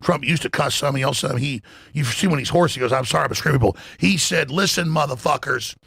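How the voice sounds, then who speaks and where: A man's voice: medium pitch, fast talker, gravelly, fairly bright tone. A man hosting a talk radio show, delivering heated, emphatic political commentary full of profanity and stumbling restarts.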